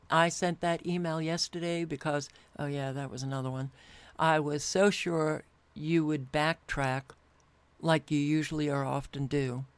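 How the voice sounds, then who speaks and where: Slow, weary woman vlogging alone. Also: low-pitched, smooth, no room sound. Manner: weary, sighing, deliberate. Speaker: channel host. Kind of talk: casual monologue to camera. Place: at home at a computer.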